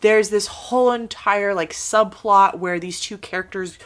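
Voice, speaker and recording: A woman's voice: mid-range voice, measured pace. A woman talks through her favorite reads of the year in an easy, casual vlog voice. She gushes enthusiastically and chats loosely, dropping "like" and "super" throughout. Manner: gushing, chatty, full of fillers like "like" and "super". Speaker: book reviewer. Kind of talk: casual book review vlog.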